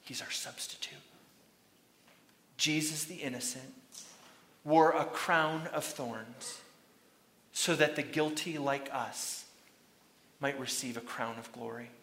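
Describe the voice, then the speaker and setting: A man preaching a sermon, retelling a story dramatically and shouting out the crowd's lines. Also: mid-range voice, steady tone, takes it slowly, long pauses, reverberant.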